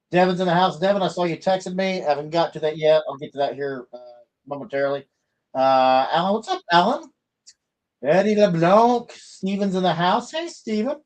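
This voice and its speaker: Middle-aged Midwestern man, livestream host, slightly raised pitch, rambling casual delivery with lots of ums. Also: a little mellow, rough recording. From American Midwest. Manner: rambling, chatty, many fillers and restarts.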